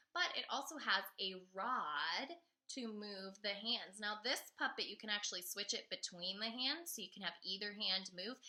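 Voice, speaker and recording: A woman's voice: mid-range voice, sharp tone. A woman teacher giving a friendly, upbeat lesson to her class by video, explaining step by step in a chatty way.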